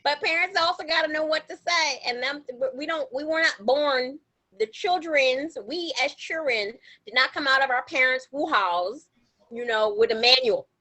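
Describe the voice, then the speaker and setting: A young adult woman co-hosting a podcast, telling stories in a casual, animated way with slangy, emphatic repetition. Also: high voice, normal speed, rough recording. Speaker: podcast co-host. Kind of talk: casual chat.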